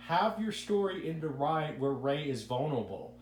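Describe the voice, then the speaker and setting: A man's voice: fairly high pitch, big pitch swings, moderate pace. A man hosting a casual podcast, giving rambling opinions and stumbling over repeated words. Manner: rambling, repeats words when starting sentences. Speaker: podcast host. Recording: echoey room with faint hum.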